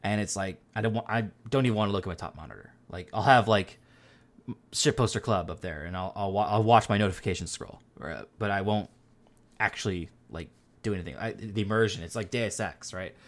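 A man's voice: on the low side, brisk. A man hosting a podcast, talking in a rambling, casual way, with lots of fillers and offhand swearing. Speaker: podcast host. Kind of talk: casual chat.

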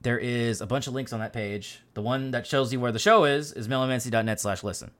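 At a quick pace, a man with a mid-range, fairly bright voice hosts a podcast in a casual, rambling style. Fillers come thick, and so does offhand cursing.

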